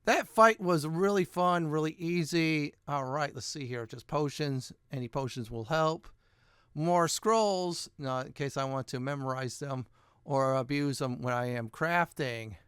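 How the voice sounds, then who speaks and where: A man's voice: fairly high pitch, a little slow, a bit bright, clean tone, dry recording, studio quality. A man hosting his gaming channel, chatting casually and thinking aloud as he loots in a let's-play.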